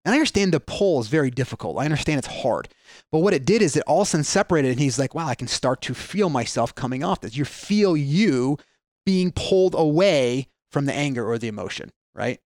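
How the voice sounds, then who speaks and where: A man's voice: a little high, animated, brisk, darkish tone, no echo, clean studio sound. A man explaining ideas earnestly in a podcast conversation, with frequent restarts and fillers.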